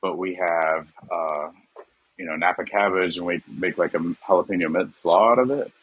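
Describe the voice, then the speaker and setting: Low husky-voiced man, casual chat. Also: moderate pace, no echo, phone-quality sound. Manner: relaxed, laughs easily, trails off. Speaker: guest, barbecue pitmaster.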